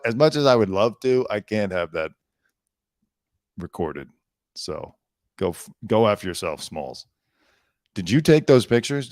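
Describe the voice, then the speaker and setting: A man's voice: fairly low pitch, darkish tone, smooth, dry recording, clean studio sound. A man hosting an entertainment news show, reading headlines aloud and breaking off into sarcastic, rambling riffs. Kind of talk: casual news commentary.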